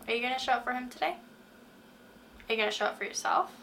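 A young woman speaks in an earnest, questioning way, giving a faith-based motivational talk straight to her listener. Her voice sits a little high and rings bright and forceful. Faint noise runs underneath. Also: quick pace, gravelly. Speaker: Christian speaker.

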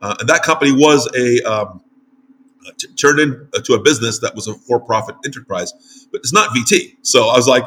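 A man's voice: medium pitch, a little fast, husky. An American man from New York, hosting a casual interview. He tells stories animatedly, with lots of restarts and quoted dialogue. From United States. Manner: animated storytelling with frequent restarts. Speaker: show host and site publisher. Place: home in northern Mexico.

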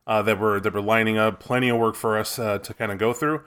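A man's voice: fairly low pitch, fairly even intonation, quick pace, a bit bright, clean tone. A man co-hosting a podcast, bantering with dry jokes. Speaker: podcast co-host. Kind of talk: casual chat.

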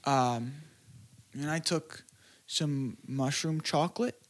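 A man telling a story as a podcast guest in casual chat, animated and full of swearing. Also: fairly high pitch, slow pace.

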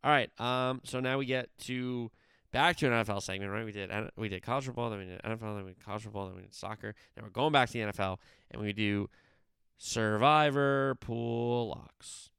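Smooth-voiced man talking sports picks. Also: medium pitch, brisk, dry recording, clean studio sound. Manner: conversational, chatty with frequent fillers and rhetorical questions; grows louder and more emphatic when giving picks. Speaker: sports podcast host. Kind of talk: casual sports talk with predictions.

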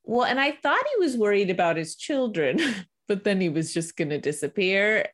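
A woman co-hosting a casual chat about a TV episode, animated and acting out characters' lines as she talks. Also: medium pitch, normal speed. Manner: animated, acts out characters' lines mid-story. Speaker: podcast co-host.

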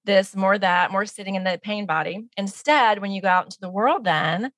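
Animated woman life coach, dry close sound. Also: medium pitch, normal speed, no echo. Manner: animated, acts out her own inner dialogue. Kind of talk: casual podcast conversation.

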